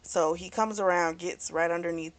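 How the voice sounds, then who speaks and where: A woman with a rather low voice and fairly even intonation talks at normal speed as she reviews a book. She retells the plot in a candid, meandering way, with frequent fillers and self-corrections. Chatty and frank, she talks openly about the explicit content.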